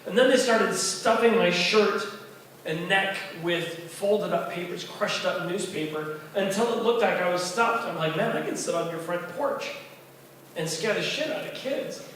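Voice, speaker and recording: A man's voice: high voice, unhurried, a little hiss or hum. A man telling a story at an open mic night in a bar, acting out the voices of the people in it. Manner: animated, acts out voices of kids and friends. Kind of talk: spoken storytelling. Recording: echoey bar from far off.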